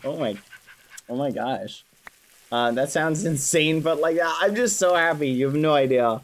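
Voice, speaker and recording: Young guy doing game roleplay, gaspy and over the moon, kinda slow drawn-out talk. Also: a little high, expressive. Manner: gasping, overjoyed, exclamatory. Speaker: streamer playing a roleplay character. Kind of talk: in-character roleplay on a game server.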